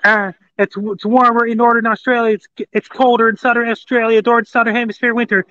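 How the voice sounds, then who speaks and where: A man calling in with a casual weather report, listing places in a halting, repetitive way over a muffled line. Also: very high-pitched, level tone, bright, forceful tone.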